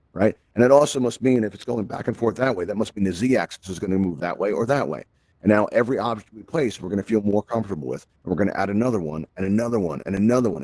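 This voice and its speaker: A man with a fairly low voice hosts a virtual-reality tutorial, talking fast and walking people through steps. His manner is upbeat and jokey. The sound is dry, through a headset mic. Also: warm tone, no room sound. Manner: upbeat, jokey step-by-step explaining. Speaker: host and instructor.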